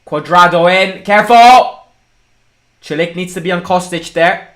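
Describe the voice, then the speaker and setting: A young man hosting a live football watchalong, excitable, breaking into shouts and swearing. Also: sits high, moderate pace. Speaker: fan channel host.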